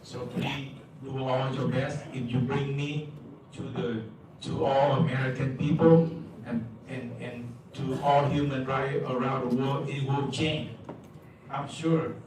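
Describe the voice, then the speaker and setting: A man delivers a public comment at a meeting in halting, repetitive broken English, tripping over his words. His mid-range voice sounds distant, carried through a large echoing hall over a constant layer of noise.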